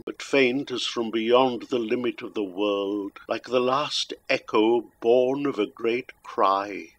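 A man reads a narrative poem aloud in a measured, solemn voice. His pace is very slow and unhurried. His pitch sits in the middle for a man. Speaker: poetry reader. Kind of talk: slow dramatic poetry reading.

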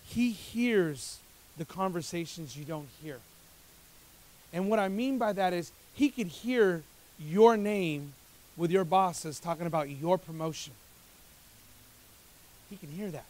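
High-voiced preaching pastor, man. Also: takes it slowly, long pauses. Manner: preaching with dramatic swings from loud to hushed. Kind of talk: sermon.

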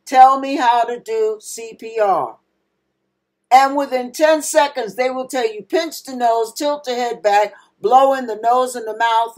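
A woman's voice: a little high, a little mellow. A woman pastor preaching a sermon in an emphatic manner, acting out panicked cries now and then.

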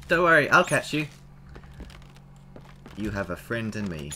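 A man giving casual, animated commentary while playing a horror game, exclaiming and chatting to his viewers. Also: on the low side, measured pace, slight background noise. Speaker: let's play gamer.

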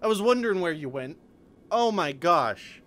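A man's voice: high-pitched, expressive, moderate pace, a bit bright. A man in let's play commentary, reacting to a hard climbing game with anxious exclamations, pleading and cursing at the game. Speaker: gaming video creator. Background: game music.

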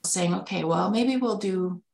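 A woman's voice: fairly low pitch, unhurried, gravelly, darkish tone, reverberant, low-quality recording. A woman telling a candid personal story in a conversational way, acting out the dialogue she quotes. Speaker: spouse of a kidney patient, webinar speaker.

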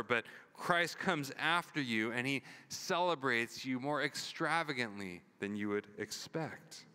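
A man's voice: a little high, bright, forceful tone, smooth. A man preaching a sermon as pastor, telling stories with acted-out dialogue and asking the congregation "right?". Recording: long hall reverb.

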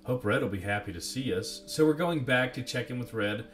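A man's voice: medium pitch, lively intonation, brisk, soft background music. A man giving casual gameplay commentary, playful and jokey, often talking to himself. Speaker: let's play commentator.

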